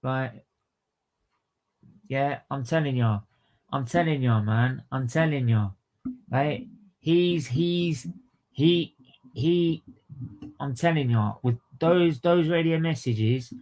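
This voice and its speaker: A man's voice: medium pitch, slow pace, long pauses, a little mellow. A man hosting a livestream, ranting about motorsport with repeated phrases, slang and swearing. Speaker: livestream host. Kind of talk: heated fan commentary on a livestream.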